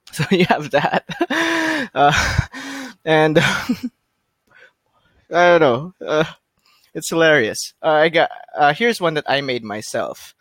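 A man hosting a podcast in casual chat, talking in a halting way with many fillers and restarts. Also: a little high, very animated, fairly bright tone, dry recording. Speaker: podcast host.

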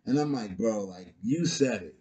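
A man's voice: fairly low pitch, animated, moderate pace, crowd noise. A man co-hosting a podcast, telling a laid-back story in casual chat and swearing freely. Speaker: podcast co-host.

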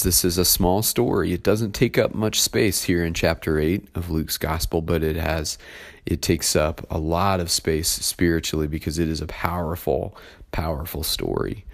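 A man preaching a sermon, reading a Bible passage and then explaining it in a relaxed, conversational way with frequent filler words. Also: sits low. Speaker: pastor.

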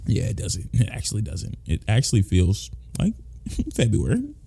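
A high-energy male podcast host whose pitch jumps all over the place. His talk is casual and playful, full of hype and excitement. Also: normal speed, vocal fry, husky.

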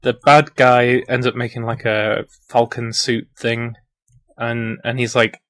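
A man's voice: medium pitch, level tone, measured pace, a bit bright, no echo. A man hosting a casual film review chat, rambling and laughing as he acts out quotes.

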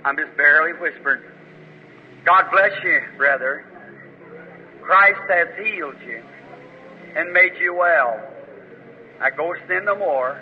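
Fairly high in pitch, the man speaks slowly with long pauses while preaching at a faith healing service. He prays with fervor and rebukes in a forceful, commanding way. Slight background noise colors the muffled old recording, made in a hall with heavy reverb.

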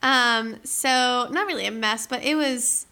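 Bright-voiced chatty young woman. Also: a little high, unhurried, clean tone. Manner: chatty storyteller, frequent "like", laughing asides. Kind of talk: casual chat.

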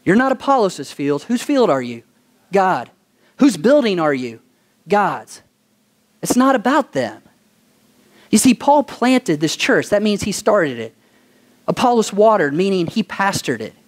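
Male pastor, high-pitched, animated sermon with call-and-response questions. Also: unhurried, long pauses. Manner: animated storytelling.

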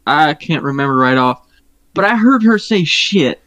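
A man's voice: on the high side, lively intonation, moderate pace, sharp tone, no echo. Rambling, swearing man telling a story. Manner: rambling, profane, hesitant with many fillers. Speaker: podcast co-host. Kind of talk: casual chat, storytelling.

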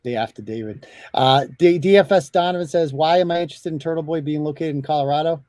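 Blunt, high-voiced host. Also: male voice, fast talker, darkish tone, no room sound. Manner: blunt, swears freely, rambling. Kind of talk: casual live show chat.

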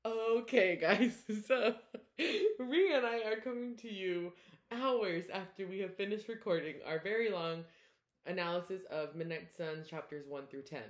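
A woman co-hosting a podcast, chatting casually about a book, animated and laughing, reading passages aloud. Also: on the low side, roomy sound. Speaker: podcast co-host. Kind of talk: casual book-discussion chat.

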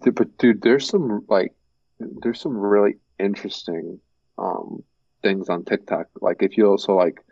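A man's voice: fairly low pitch, a little slow, creaky, no echo. Rambling young man, fillers, lo-fi. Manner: rambling, many fillers, animated impressions. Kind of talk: casual chat.

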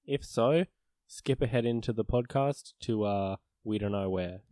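A young man co-hosting a casual podcast, explaining things with wry, deadpan corrections. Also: fairly low pitch, a little slow, no echo. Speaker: podcast co-host.

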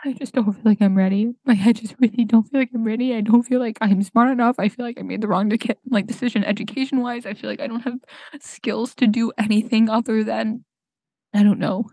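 A young woman recording a tearful, halting personal monologue on her podcast mic, crying and sniffling as she searches for words. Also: a little high, fairly even intonation, warm tone, dry recording. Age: young adult. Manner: halting, full of fillers and restarts. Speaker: podcast host. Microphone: home podcast mic.

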